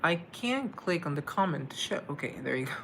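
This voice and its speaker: A man's voice: on the high side, very animated, a little fast, gravelly, a bit bright, a little hiss or hum. A man hosting a casual livestream, answering viewer comments with a playful, joking manner. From United States. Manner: playful, joking, talks to himself. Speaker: livestream host.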